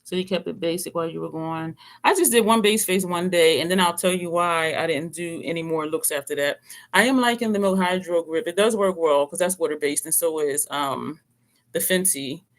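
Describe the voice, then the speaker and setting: A beauty vlogger talks through their makeup in a loose, chatty way, often stopping to correct a product name. The voice sits at a middle pitch, and playful asides and small laughs come up now and then. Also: normal speed. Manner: chatty, rambling product rundown with self-corrections. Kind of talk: casual makeup review chat.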